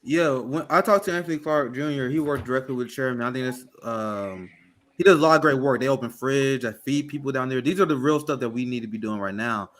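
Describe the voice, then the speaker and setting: A man hosting a casual political podcast, energetic and quick to laugh. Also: mid-range voice. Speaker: host.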